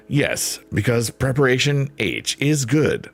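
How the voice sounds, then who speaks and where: A man's voice: on the low side, animated, moderate pace, fairly bright tone. A man hosting a livestream, chatting casually and jokingly as he reads out the chat. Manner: rambling, jokey, reads chat aloud. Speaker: livestream host. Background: piano.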